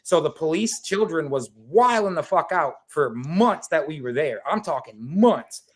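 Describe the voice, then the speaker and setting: A man in casual conversation on a remote call, telling a long story in a lively, rambling way, full of fillers and swearing. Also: fairly high pitch, a little slow. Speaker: guest. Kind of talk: casual podcast chat. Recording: video call audio.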